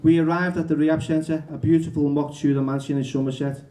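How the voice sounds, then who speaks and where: A male author reading his memoir aloud at a bookshop event, halting and correcting himself as he goes. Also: on the high side, level tone, dark tone. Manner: halting, restarts and self-corrections.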